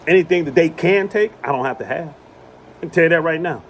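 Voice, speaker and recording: A man's voice: on the high side, a little fast, slight background noise. Emphatic man preaching outdoors. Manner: emphatic, repeats phrases for emphasis. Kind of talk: impassioned religious monologue. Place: outdoors on rural property.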